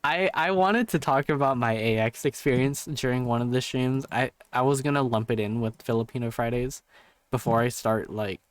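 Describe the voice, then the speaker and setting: A man's voice: mid-range voice, normal speed, clean tone, no room sound. A man chatting casually on a live stream, rambling through a story with lots of swearing and restarts.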